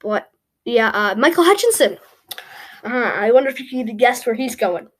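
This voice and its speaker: A woman's voice: fairly high pitch, lively intonation, moderate pace. A woman in casual commentary, thinking aloud as she ranks hockey goalies, with frequent fillers and self-corrections. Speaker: YouTube creator ranking hockey goalies. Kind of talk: casual commentary while building a tier list.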